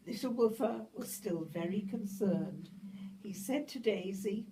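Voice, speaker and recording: Slow expressive woman narrating puppet show. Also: mid-range voice. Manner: slow, expressive, exclamatory storytelling. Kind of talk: children's puppet show storytelling. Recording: distant mic, faint room hiss.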